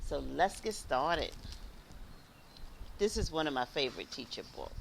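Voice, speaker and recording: Librarian lady doing storytime in the park, swoopy high voice, bit of outdoor noise. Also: a little slow, vocal fry, long pauses. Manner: animated, singsong, gasps and prompts children. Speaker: children's librarian. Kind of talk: storytime read-aloud for kids.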